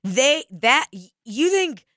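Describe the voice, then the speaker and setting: A woman's voice: high voice, big pitch swings, slow, pushed and bright, no echo, clean studio sound. Profane rambling woman podcaster. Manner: profane, rambling storytelling with impressions. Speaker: podcast co-host. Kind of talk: casual podcast chat.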